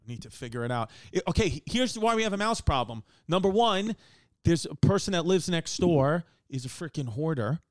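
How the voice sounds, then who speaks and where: Casting note: chatty New guy, fairly high voice, smooth and dry, riffs and jokes as the host from his living room. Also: lively intonation, no room sound. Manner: rambling, joking, quick asides. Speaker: podcast host. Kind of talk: casual comedic monologue.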